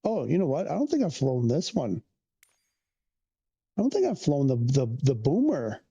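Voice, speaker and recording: Gravelly, mellow man streaming. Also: mid-range voice, huge pitch swings, normal speed, muffled recording. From Canada. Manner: rambling, trails off and restarts, answers chat questions. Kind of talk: casual livestream chat with viewers.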